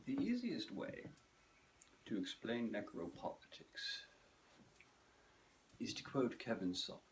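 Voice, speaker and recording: A man narrating a scripted comedic video essay with dry, sardonic, self-mocking timing and theatrical pauses. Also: mid-range voice, huge pitch swings, noisy background.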